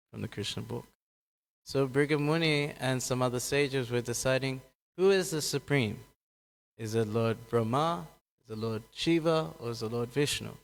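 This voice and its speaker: Male speaker, mid-pitch, relaxed scripture storytelling with acted-out quotes and self-corrections, long hall reverb. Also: creaky. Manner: acts out quoted characters with raised pitch, laughs often, corrects himself. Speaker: speaker giving a scripture class. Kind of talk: casual scripture talk with storytelling.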